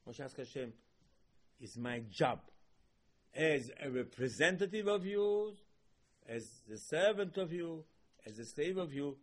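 A man delivers an emphatic sermon in a husky, slightly breathy voice. His pitch sits in the middle range, and he turns suddenly loud and high when he acts out a quoted question. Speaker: rabbi.

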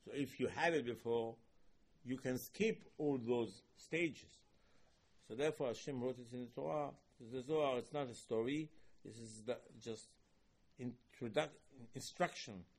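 Husky-voiced man giving a sermon. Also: medium pitch, normal speed. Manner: emphatic, rising loud on quoted questions. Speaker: rabbi.

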